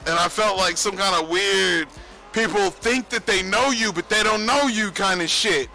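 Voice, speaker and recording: A man's voice: high-pitched, normal speed, sharp tone, faint music behind, poor audio. A young man rambling casually on a livestream, profane and boastful, laughing often. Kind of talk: rambling casual stream monologue.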